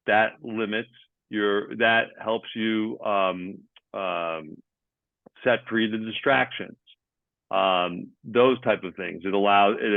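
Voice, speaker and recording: A man's voice: lowish voice, gravelly, no echo, phone-quality sound. A man, a sports coaching manager as guest, explaining step by step with many hesitant ums. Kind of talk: explanatory interview answers.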